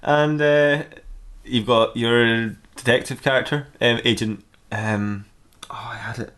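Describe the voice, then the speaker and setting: A man's voice: medium pitch, steady tone, unhurried, a bit bright. A man casually reading and ad-libbing a comic fan-fiction story, rambling and laughing at his own jokes.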